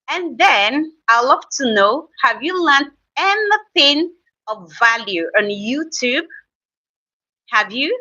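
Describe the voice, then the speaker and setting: Reading viewers' comments aloud and teasing them, a woman with a Nigerian accent hosts a casual live stream. Her voice is a little high and sharp, picked up by a distant mic in slightly dull lo-fi stream audio.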